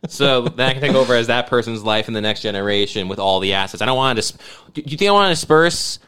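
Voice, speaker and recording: A man co-hosting a podcast, chatting casually and joking, swearing freely in quick riffs. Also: mid-range voice, animated, bright, forceful tone, smooth. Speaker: podcast co-host. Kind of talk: casual chat.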